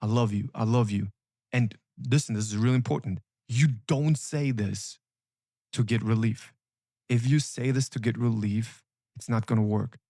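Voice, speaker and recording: A man's voice: mid-range voice, moderate pace, dark tone, no echo. Emphatic male coach, dry close sound. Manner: emphatic, repetitive, urgent. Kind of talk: motivational coaching talk.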